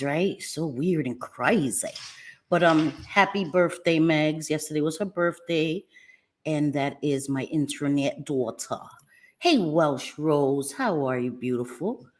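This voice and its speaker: A woman hosting a casual livestream, lively and affectionate, greeting viewers by name with pet names like sweetie pie. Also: low-pitched. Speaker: livestream host. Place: home in New Jersey.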